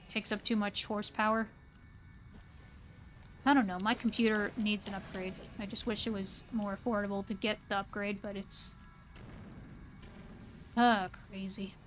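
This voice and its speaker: A woman from the American South with a standard American accent, chatting casually and hesitantly to her live-stream audience while playing a game. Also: on the high side. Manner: rambling, hesitant with many fillers.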